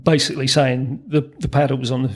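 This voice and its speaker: A man's voice: mid-range voice, steady tone, fast. A man, a former racing mechanic telling anecdotes as a podcast guest, chuckling through his stories with frequent ums and restarts. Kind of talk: storytelling in a podcast interview.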